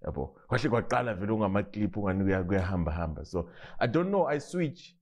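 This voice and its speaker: A man with a Zimbabwean Ndebele accent, a comedian telling stories in a relaxed interview. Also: on the low side, fast. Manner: relaxed storytelling with frequent restarts and laughs. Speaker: comedian guest. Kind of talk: casual interview, mixing English and Ndebele.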